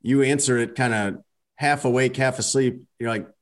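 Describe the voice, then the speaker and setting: A man in casual podcast banter with a voice of ordinary pitch. He talks wryly, picturing little scenarios out loud as he goes. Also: steady tone, normal speed. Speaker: podcast co-host.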